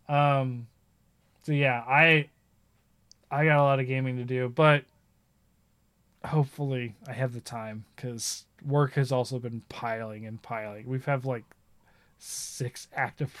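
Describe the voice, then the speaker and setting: A man chatting casually about games, rambling and animated as he tells stories. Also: a little high, dry recording. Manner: rambling, animated storytelling with laughs.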